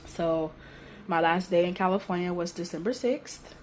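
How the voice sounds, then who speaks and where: A young woman telling a personal story on her vlog in a casual, emotional, animated way with everyday slang. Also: lowish voice, normal speed, slight background noise. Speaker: vlogger.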